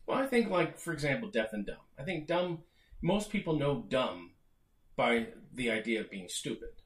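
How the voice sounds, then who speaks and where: A man's voice: mid-range voice, very animated, normal speed. Middle-aged man talking in a roomy space. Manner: explanatory, restarts phrases, acts out quotes. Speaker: podcast co-host. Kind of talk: casual discussion. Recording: roomy echo.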